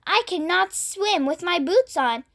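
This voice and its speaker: A woman's voice: very high-pitched, expressive, a little slow, a bit bright, pitched above the performer's own voice, exaggerated voice. A woman voicing a fussy male centipede in a storybook reading.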